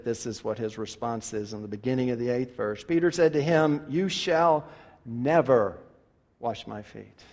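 A man delivering a sermon as a pastor, animated and full of rhetorical questions, swinging from loud to hushed. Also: mid-range voice. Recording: long reverb of a large hall.

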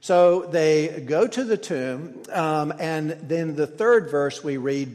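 A man's voice: fairly high pitch, expressive, takes it slowly, a little mellow. Man preaching in a reverberant hall. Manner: explanatory, with frequent restarts and stumbles. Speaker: pastor. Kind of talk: sermon.

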